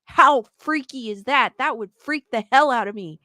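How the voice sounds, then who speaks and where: Casting a bubbly woman host with a high voice, chatty and reactive, recorded in a dry close sound. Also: normal speed, pushed and bright, no room sound. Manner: chatty, laughs often, restarts and reacts to comments. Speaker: host reading viewer stories. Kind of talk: casual chat.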